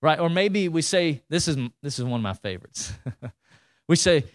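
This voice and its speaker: A man, preaching to his congregation in a conversational, animated way, repeating words and asking the room questions. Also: on the high side, moderate pace. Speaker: pastor. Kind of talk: sermon.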